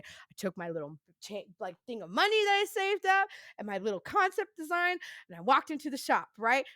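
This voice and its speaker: A woman telling a story as a podcast guest, rambling and profane, peppering her talk with laughs and quick "right?" asides. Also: a little high, bright, forceful tone, dry recording, studio quality. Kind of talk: casual storytelling.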